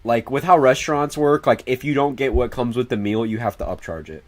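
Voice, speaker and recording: Young dude streaming, rambly and sweary, super animated talking to chat. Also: male voice, medium pitch, a little fast. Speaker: livestreamer. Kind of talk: casual livestream chat.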